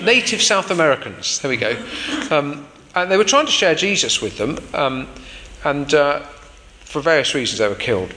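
A man's voice: medium pitch, pushed and bright, big-room sound, slight background noise. A man preaching a sermon in an informal, explanatory way with frequent fillers.

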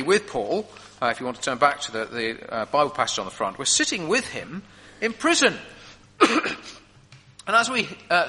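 Male preacher, lively pitch, bright tone, long hall reverb. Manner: animated storytelling, vivid examples. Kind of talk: sermon.

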